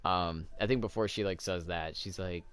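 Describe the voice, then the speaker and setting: A man's voice: low-pitched, moderate pace, fairly bright tone, clear, resonant tone. A man casually chatting while playing a game, rambling with lots of fillers and little laughs. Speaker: let's play host. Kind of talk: casual gameplay commentary.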